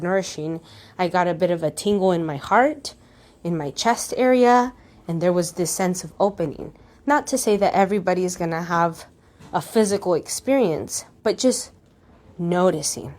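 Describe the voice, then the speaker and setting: Slow, musing woman podcast host. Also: on the low side. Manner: slow, musing, asks the listener gentle questions. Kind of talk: reflective guided monologue.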